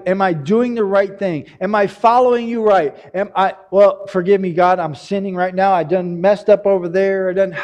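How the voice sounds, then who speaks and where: Earnest high-voiced male pastor. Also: a little mellow, in a large hall. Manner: earnest, confessional, rambling with many restarts. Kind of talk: sermon.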